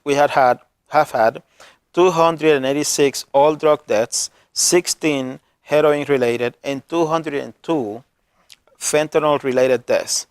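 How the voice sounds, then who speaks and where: A man's voice: mid-range voice, dry recording. Guy w/ a non-native accent doing a community tv show, earnest, gets emotional, restarts a lot, dry close sound. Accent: non-native English accent. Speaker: community health worker and show host. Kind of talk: community TV program monologue.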